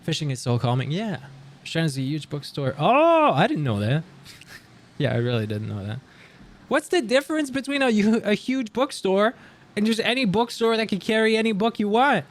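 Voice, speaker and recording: A young man from Canada talking casually on a livestream, reading and answering chat with animated, joking surprise. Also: high-pitched, brisk. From Canada, near Montreal. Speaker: livestream streamer.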